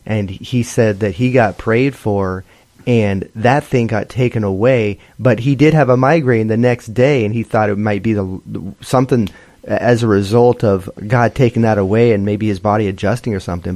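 A man co-hosting a ministry broadcast, talking about healings in an earnest, measured way. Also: fairly low pitch, a little mellow, no echo. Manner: earnest and measured, with many fillers. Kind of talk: conversational broadcast testimony sharing.

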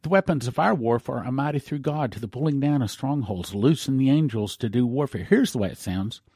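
A man's voice: mid-range voice, expressive, fairly quick, a little mellow, breathy edge, no echo, clean studio sound. A male pastor preaching on prophecy in a fervent, emphatic broadcast style.

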